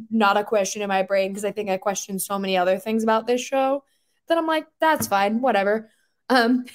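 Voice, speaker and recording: A woman chatting casually on a podcast, rambling and animated, with lots of filler words and incredulous outbursts. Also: on the high side.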